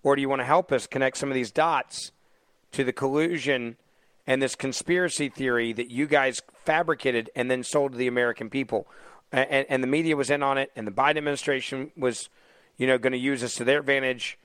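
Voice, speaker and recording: A man's voice: medium pitch, fairly even intonation, a little fast, a bit bright, clean tone, no echo. A man hosting a talk radio show, mocking the news with heavy sarcasm and taking calls from listeners.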